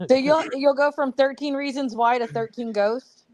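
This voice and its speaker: A woman on a comedy podcast, cutting in with wry, quick remarks. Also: high-pitched, fairly even intonation, over a noisy crowd. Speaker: podcast co-host. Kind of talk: rowdy comedy podcast banter.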